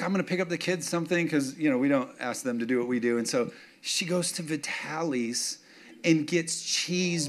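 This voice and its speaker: A middle-aged man preaching a sermon, telling self-mocking stories with humor and often asking the congregation if they are with him. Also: a little high. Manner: animated, asks congregation for response. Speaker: pastor.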